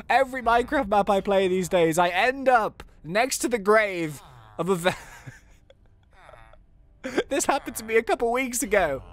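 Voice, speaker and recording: A man hosting a game video, excitably playing and commenting, with frequent exclamations and laughs. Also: sits high, normal speed, pauses often, soft background music.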